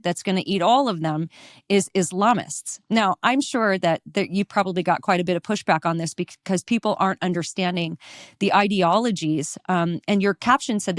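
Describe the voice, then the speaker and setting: A woman's voice: medium pitch, no echo, clean studio sound. A woman hosting a podcast interview, asking conversational and inquisitive questions. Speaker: podcast host.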